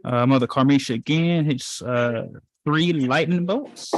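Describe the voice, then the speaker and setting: A man's voice: mid-range voice, a little slow, no room sound. Dry-sounding man reading chat comments. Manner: matter-of-fact, reads names off the chat.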